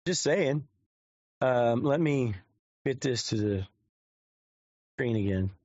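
A man's voice: medium pitch, animated, slow, a little mellow, no room sound. A man giving crude, rambling commentary on his live stream and swearing constantly. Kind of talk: profane off-the-cuff stream commentary. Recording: dull lo-fi dry sound.

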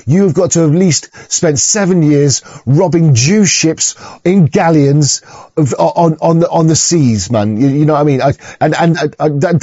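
Man, fairly high voice, mellow tone, dry lo-fi sound, profane stammering ranter. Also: no room sound. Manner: profane, stammering, rambling rant. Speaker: streamer reacting to videos. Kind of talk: ranting reaction commentary.

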